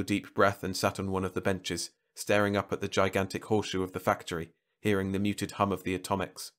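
A man narrating a science fiction short story aloud in a measured, dramatic reading. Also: fairly low pitch.

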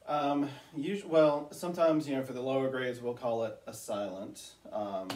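A woman's voice: rumbling low, moderate pace, a little mellow. A woman co-teaching a children's music lesson, speaking in brief laughing replies. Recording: echoey room, far from mic.

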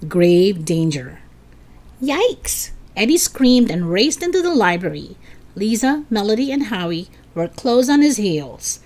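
Woman narrator, expressive storybook reading, animated pitch. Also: unhurried. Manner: expressive, dramatic. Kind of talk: children's book read aloud.

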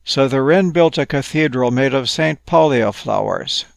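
A man gently narrating a playful, whimsical bedtime story. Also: mid-range voice, animated, moderate pace, creaky, no room sound.

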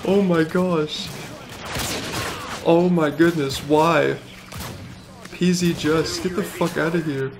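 A young man streaming a shooter game, excitedly narrating, shouting and laughing as he repeats himself. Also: fairly high pitch, takes it slowly, long pauses, noisy background. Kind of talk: excited gaming stream commentary.

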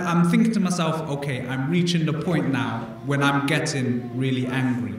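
A man's voice: sits high, a little hiss or hum. A British man preaching a sermon as pastor in a church, speaking conversationally, asking the congregation questions and often restarting his words. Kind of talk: interactive sermon. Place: church hall.

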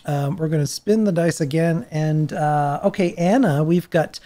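A woman hosting a casual podcast in a slightly low voice. She sounds upbeat and keeps cheering on her guests while she reads prompts aloud. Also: moderate pace, few pauses, warm tone. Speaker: podcast host. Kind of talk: casual livestream chat.

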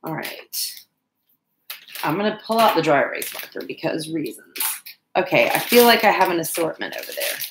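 A rambling, self-deprecating woman talks viewers through a craft project live. Her voice sits on the low side, and the room around her rings with a roomy echo under faint noise. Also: very animated, moderate pace. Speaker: crafting livestream host. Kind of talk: casual chat while crafting.

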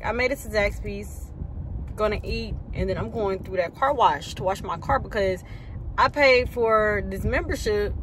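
A woman's voice: medium pitch, a bit bright, slight background noise. A woman, chatting casually to her phone camera in a rambling vlog. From Houston, Texas. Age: 20s. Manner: chatty, rambling, talks to viewers as y'all. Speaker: nursing student vlogger. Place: in a car and walking around campus.

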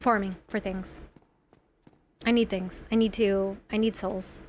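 A woman's voice: medium pitch, little pitch movement, measured pace, slight background noise. A young woman streaming a video game from home, chatting casually and giggling while she rambles and reads her chat aloud.

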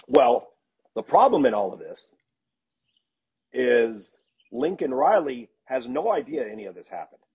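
Husky, animated man telling sideline stories. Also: medium pitch, a little slow, long pauses. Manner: animated anecdotes with laughs and restarts. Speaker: guest, football analyst and sideline reporter. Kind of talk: casual storytelling in a podcast interview. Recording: dull lo-fi sound.

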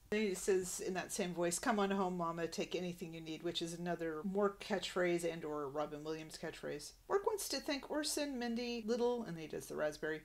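A woman hosting a podcast, recapping a sitcom episode in a conversational way and reading out quotes. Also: on the low side. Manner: conversational, narrates scenes and reads quotes. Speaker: podcast host.

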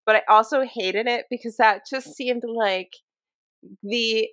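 A woman's voice: on the high side, a little slow, fairly bright tone, dry recording. A woman co-hosting a book podcast in casual chat, candid and swearing freely, often laughing. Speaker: podcast co-host.

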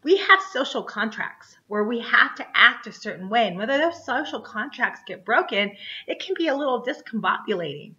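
A woman teaching a theater class online, animated and chatty, often checking in with a quick "right?". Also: a little high, dull audio.

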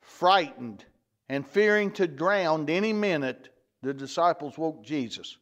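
A man teaches a Bible lesson in a folksy, unhurried way. His voice sits high and swings widely in pitch as he stops to repeat himself. The church recording sounds dull and lo-fi. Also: expressive. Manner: folksy, repeats words, restarts phrases.

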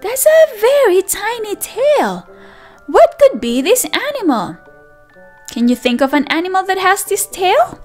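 A woman teacher reading a picture book aloud to toddlers, animated and sing-song, with excited gasps and friendly questions to the children. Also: very high-pitched, unhurried, soft background music. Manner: speaks directly to young children with questions and praise. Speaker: children's teacher and channel host. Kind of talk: read-aloud storytelling for toddlers.

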